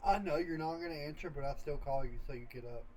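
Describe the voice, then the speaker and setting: A man's voice: a little high, fast talker, a little mellow, rough recording. A young man and stream co-host, speaking bluntly and emotionally, swearing freely in casual chat and leading a prayer. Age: young adult.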